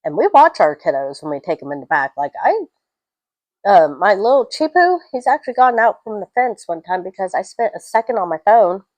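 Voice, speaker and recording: A young adult woman giving a casual, rambling film review, telling stories with animated swings and tangents. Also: medium pitch, a little fast, no room sound, low-quality recording.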